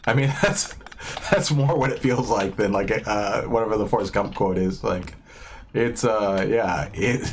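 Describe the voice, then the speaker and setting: A man's voice: on the low side, unhurried, a little hiss or hum. A man streaming a game, rambling in a casual, self-deprecating way with lots of fillers. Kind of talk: casual gameplay commentary.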